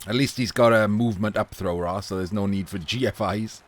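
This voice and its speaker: Calling a video game match live, a male esports commentator chats away, laughing often and cursing casually. His voice sits low, moves briskly, and is starting to go a bit hoarse.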